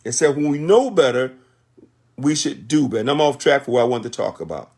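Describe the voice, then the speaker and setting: A man's voice: mid-range voice, expressive, brisk, vocal fry, a little mellow, breathy edge. A man in his sixties giving a motivational talk on a conference call, emphatic and repetitive like a sermon. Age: 60s.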